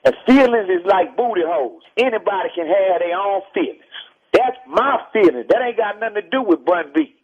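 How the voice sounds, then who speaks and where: A man from Texas with a Texas accent, a rapper lecturing forcefully over the phone in a heated interview, repeating his points. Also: high voice, expressive, brisk. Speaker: rapper guest. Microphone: telephone. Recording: muffled phone line.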